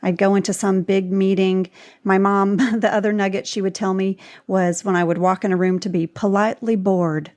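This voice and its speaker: A woman's voice: medium pitch, fairly even intonation, normal speed, a little mellow. A woman actress and podcast guest, talking casually and animatedly, laughing easily. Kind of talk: casual conversational storytelling.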